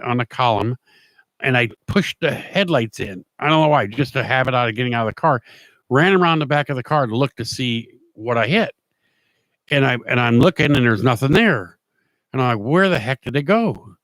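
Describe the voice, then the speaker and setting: A man's voice: medium pitch, a bit bright, no room sound. A middle-aged man hosting his own show, telling a personal story in a rambling, plain-spoken way with many restarts. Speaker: show host. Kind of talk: casual storytelling monologue.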